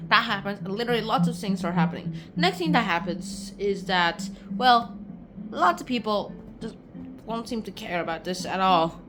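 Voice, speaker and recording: A woman casually summarizing a book for her video audience in a rambling, self-interrupting way. Her pitch rises and falls with animated energy, and a faint hum of ambient noise runs underneath. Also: moderate pace.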